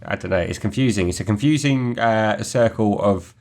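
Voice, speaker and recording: Rambling, laughing young man, lowish voice. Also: normal speed, a little mellow. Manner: rambling, laughing, swears casually. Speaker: podcast co-host. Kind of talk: casual podcast banter.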